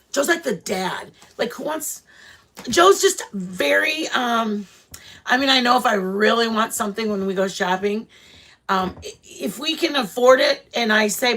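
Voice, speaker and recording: Woman hosting a livestream, blunt, rambling, lots of fillers, high voice, casual chat. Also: unhurried, fairly bright tone. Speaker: channel host chatting with live viewers.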